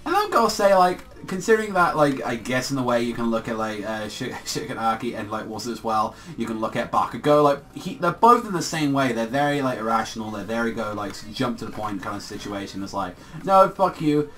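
A man's voice: medium pitch, lively intonation, fairly quick, hardly any pauses, sharp tone. A man talking casually through a comic chapter review, rambling and swearing, with lots of fillers. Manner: rambling, profane, heavy on fillers. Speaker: manga reviewer.

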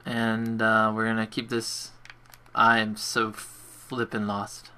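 A man's voice: fairly low pitch, completely flat delivery, takes it slowly, bright, forceful tone, a little hiss or hum. A man chatting casually on a gaming livestream, rambling to himself as he plays and talking with a friend on a call. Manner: rambling, talks to himself while playing. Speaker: streamer.

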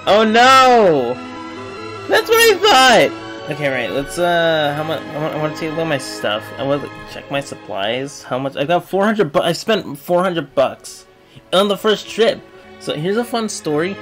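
A young man giving casual, rambling commentary over a retro game, swinging from mumbling asides to loud excited outbursts. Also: a little high. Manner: rambling, excitable, yelps and laughs when the game goes wrong. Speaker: gaming video creator.

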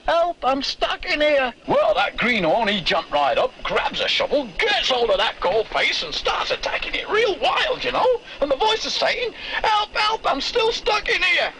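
A man's voice: extremely high pitch, very noisy, full character voice. An actor playing a joking old male miner who tells tall tales in colloquial slang, drawing out his punchlines. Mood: storytelling. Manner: animated storyteller, drawn-out punchlines. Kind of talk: film dialogue.

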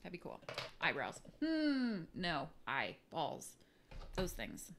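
A woman's voice: on the low side, wildly swooping pitch, takes it slowly, fairly bright tone, slight background noise. A woman chatting casually through a makeup tutorial, playful and prone to silly mock-dramatic asides. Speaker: beauty vlogger.

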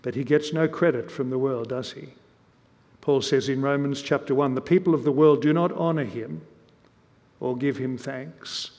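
A man preaching a sermon in a church, earnest and measured, often turning statements into rhetorical questions. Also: medium pitch, darkish tone, in a large hall. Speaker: visiting preacher.

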